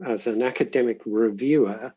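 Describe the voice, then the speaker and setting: A man, a linguistics professor, giving measured, reflective answers in an interview and often pausing to rephrase. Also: mid-range voice, mellow, breathy edge, lo-fi sound.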